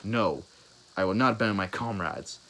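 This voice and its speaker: A man's voice: lowish voice, normal speed, heavy background noise, natural voice. Naruto, a man voicing a cocky young ninja boy. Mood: determined. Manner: shouts technique names.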